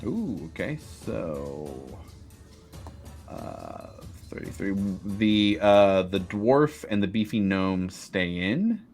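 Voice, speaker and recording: A man's voice: deep voice, sing-song, very slow, creaky, a little mellow, soft background music. A man narrating as game master of a tabletop game, hesitant and full of fillers.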